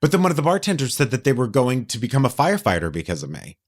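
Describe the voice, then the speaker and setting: A man co-hosting a podcast, chatting casually and telling stories in an animated, theatrical way. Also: medium pitch, rapid-fire. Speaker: podcast co-host. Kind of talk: casual chat.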